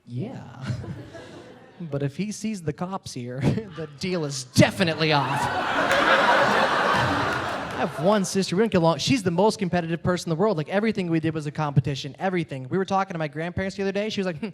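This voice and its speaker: High-voiced young man doing stand-up. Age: young adult. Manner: awkward, quick, filler-heavy delivery with many "like"s. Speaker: stand-up comedian. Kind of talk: stand-up comedy set. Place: comedy stage with a laughing audience.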